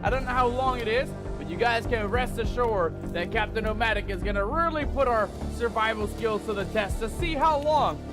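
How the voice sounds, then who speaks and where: A very high-pitched man greets his stream crew in a playful pirate-captain persona, calling everyone mateys. Clear music plays underneath his voice. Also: moderate pace, few pauses. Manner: theatrical pirate-captain patter, calls viewers mateys. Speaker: gaming streamer host.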